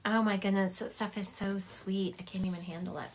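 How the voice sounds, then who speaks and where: A woman's voice: mid-range voice, fairly even intonation, normal speed, a little hiss or hum. A woman psychic medium doing a livestream reading over a phone, chatty, laughing often and acting out what spirits say.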